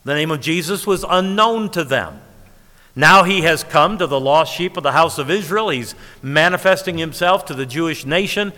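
A male preacher delivers an emphatic sermon in a bright, forceful voice pitched a little high. He stretches key words for weight and chuckles at his own points. His voice rings out with a long reverb, as in a church sanctuary. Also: animated, moderate pace.

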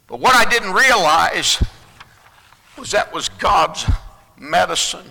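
Male pastor preaching in a church hall, high and sharply bright, loud bursts and quiet asides. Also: expressive, normal speed, creaky. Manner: swings between loud preaching and hushed low asides. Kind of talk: sermon. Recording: long hall reverb.

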